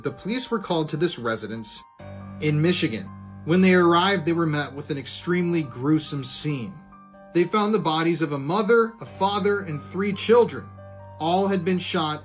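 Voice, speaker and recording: A man narrating a true crime story in a blunt, opinionated way. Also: on the high side.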